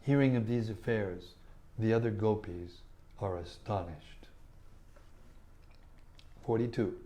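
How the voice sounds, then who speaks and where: A man giving a measured, deliberate devotional scripture reading. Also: fairly low pitch, warm tone. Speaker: scripture reader.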